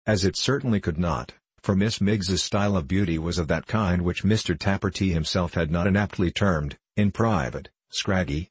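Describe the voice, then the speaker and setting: A man reading a classic novel aloud as narrator, measured and wry. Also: low voice, slightly rough, no echo. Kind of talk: audiobook reading of classic fiction.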